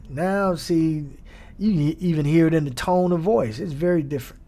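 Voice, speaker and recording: Man, preacher, casual sermon, emphatic repetition, slightly high voice. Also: moderate pace, dark tone. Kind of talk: conversational sermon.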